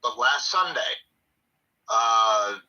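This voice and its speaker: A man guest giving a personal account, speaking slowly and hesitantly with fillers. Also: mid-range voice, lively intonation, sharp tone. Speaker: guest sharing a story. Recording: dull sound from far off the mic.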